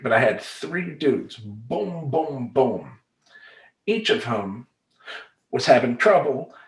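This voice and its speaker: Middle-aged male life coach, mid-pitched, emphatic and streetwise, roomy echo. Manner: emphatic, streetwise, casual slang. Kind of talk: talking-head vlog monologue. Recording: roomy echoey room.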